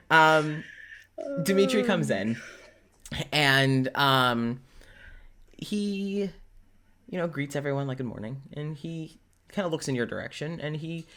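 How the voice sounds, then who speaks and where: A man's voice: medium pitch, fairly bright tone. A man running a tabletop game as game master, narrating in a chatty way with many fillers.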